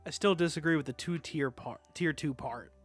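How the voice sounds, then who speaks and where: A man co-hosting a casual podcast, answering with dry, deadpan quips. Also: fairly high pitch, moderate pace, faint music behind. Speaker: podcast co-host.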